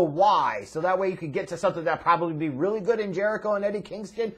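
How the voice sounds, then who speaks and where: A man tears into a wrestling show in a profane, exasperated review. His voice sits very high, and his sarcasm runs through every line. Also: fast talker, fairly bright tone, breathy edge. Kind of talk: ranting video review.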